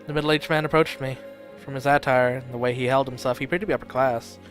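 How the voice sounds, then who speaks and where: A man streaming and reading a story game aloud in steady first-person narration, with occasional slips. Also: mid-range voice, fast, soft background music.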